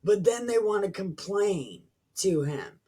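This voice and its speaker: Slow husky woman reading scripture. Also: mid-range voice, sing-song, mellow. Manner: slow deliberate reading broken by profane sarcastic asides. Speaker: Bible reading channel host. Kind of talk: reading scripture aloud with commentary.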